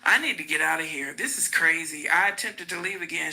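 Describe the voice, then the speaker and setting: A woman hosts a podcast, reading a memoir aloud in a gravelly voice with plenty of fry. Her tone is bright and sharp, and she pauses to add her own remarks between passages. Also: deep voice, poor audio. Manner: breaks off to comment on the text. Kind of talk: reading a book aloud with asides.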